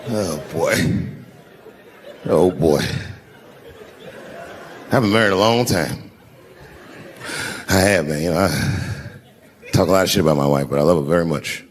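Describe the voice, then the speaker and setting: A man in his fifties does stand-up in a large live venue, his low voice at normal speed with long pauses and some chatter behind him. He tells stories in a conversational, animated way, suddenly switching into other voices, amid live hall reverb and faint room noise.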